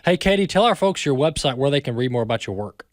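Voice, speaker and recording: A man's voice: medium pitch, lively intonation, fast, no room sound, clean studio sound. A man with an American accent hosting a talk radio show, speaking emphatically and repeating words as he builds his point.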